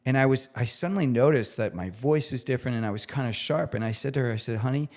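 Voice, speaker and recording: A man's voice: medium pitch, lively intonation, fast. A man in his forties, a guest chef talking earnestly on a podcast, often restarting as he searches for words. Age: 40s. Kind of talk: reflective podcast conversation.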